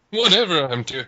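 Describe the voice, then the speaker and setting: Bright, very animated man quipping. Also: high voice, no room sound, muffled recording. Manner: animated, incredulous quips with big laughs. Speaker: guest co-reader. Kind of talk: comedic commentary.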